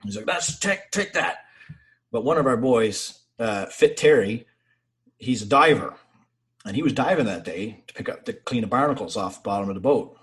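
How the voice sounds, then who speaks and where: Male podcast guest, lively salty navy storyteller, mid pitch. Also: normal speed. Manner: profane, animated anecdotes with quoted voices. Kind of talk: casual storytelling.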